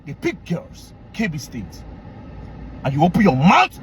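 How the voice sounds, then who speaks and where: Fiery Nigerian man ranting, high and lively. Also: a little slow, a little hiss or hum. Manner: animated, indignant, repeats phrases, bursts into shouting. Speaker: commentary vlog host. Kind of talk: heated commentary rant.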